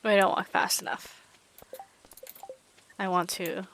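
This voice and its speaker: A woman's voice: fairly low pitch, vocal fry, a bit bright, slight background noise. Chatty woman streaming a farming game. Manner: chatty, narrates her own moves, quick self-aware asides. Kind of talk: casual let's-play commentary.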